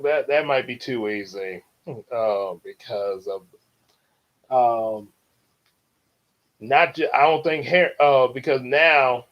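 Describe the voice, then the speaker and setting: A man's voice: mid-range voice, muffled recording. A man chatting casually and rambling, stopping and restarting as he thinks aloud. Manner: rambling, halting, full of fillers and restarts. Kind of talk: casual chat.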